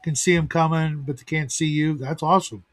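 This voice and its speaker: A man's voice: a little high, fairly even intonation, a little fast. A middle-aged man hosting a livestream talk show in casual chat, rambling with lots of fillers. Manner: rambling, heavy use of fillers.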